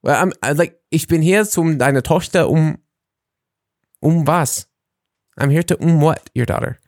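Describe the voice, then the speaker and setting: A man's voice: a little high, unhurried, a little mellow, dry recording. Chatty man with a dry, close sound. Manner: rambling, laughs at his own jokes. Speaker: podcast co-host. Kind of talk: casual chat.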